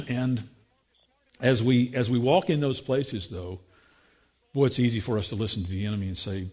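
A man's voice: medium pitch, fairly quick, breathy edge. A man preaching a sermon as pastor, earnest, with frequent restarts and rhetorical questions.

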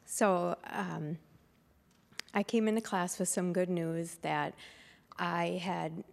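A woman's voice: lowish voice, fairly even intonation, takes it slowly, vocal fry, long reverb tail. A woman telling her own story to a church congregation, unscripted and hesitant. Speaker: church member sharing a testimony. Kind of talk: personal testimony to a congregation.

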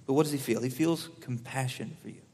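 A young man preaching a sermon, earnest, swelling louder on key lines and dropping softer while telling stories. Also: medium pitch, fast talker, slight background noise. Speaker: pastor. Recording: long hall reverb.

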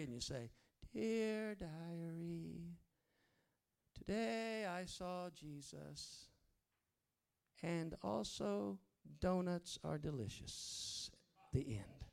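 A male preacher with a gravelly edge and a voice sitting a bit high for a man. He delivers a lively sermon, dropping to near-whispers and then erupting into loud, driving lines. His manner is folksy and humorous between the serious passages. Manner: dynamic, swings from hushed to loud bursts.

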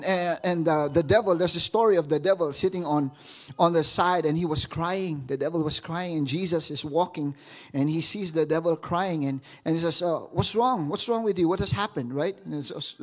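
A man pastor preaching a sermon, often stopping to repeat words as he searches for the next thought. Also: a little high.

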